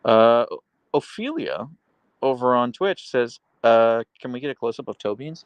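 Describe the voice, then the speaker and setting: This man streams live from his Seattle home at a normal speed, his intonation lively as he chats meanderingly and reads viewer comments aloud. Now and then he baby-talks his dogs in a high pitch. The recording is dry.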